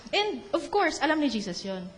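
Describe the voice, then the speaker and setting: A woman with a Filipino accent teaches on faith in a slightly high voice. She switches between English and Tagalog and acts out quotes in an animated way. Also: brisk. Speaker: preacher. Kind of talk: religious teaching talk.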